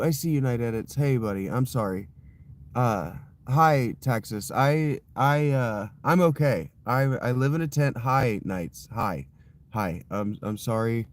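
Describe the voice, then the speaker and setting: A man's voice: mid-range voice, animated, unhurried, slight background noise, rough recording. Rambling man livestreaming from a tent. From Ohio. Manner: rambling, easily frustrated, apologetic. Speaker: livestreaming creator. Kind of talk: casual livestream chat. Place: inside a wet tent, in a sleeping bag. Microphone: phone camera set down close.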